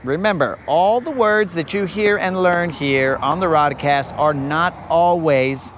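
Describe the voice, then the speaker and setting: A young man with a fairly high, fairly bright voice hosts a live fishing stream outdoors on a lake, speaking a little slowly. It's a casual chat full of rambling and jokey stories, with slight background noise.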